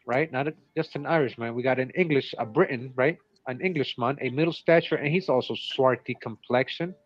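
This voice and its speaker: A man's voice: medium pitch, a bit bright. Man reading old ads with asides. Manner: reads old runaway ads, breaks off with asides. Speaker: show co-host. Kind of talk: reading aloud and commenting. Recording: dull, lo-fi sound.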